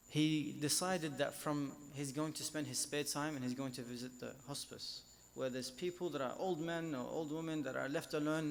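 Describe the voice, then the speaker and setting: A man's voice: medium pitch, slight background noise. A man delivering a religious lecture at an Islamic centre, speaking emphatically and building up force on repeated phrases.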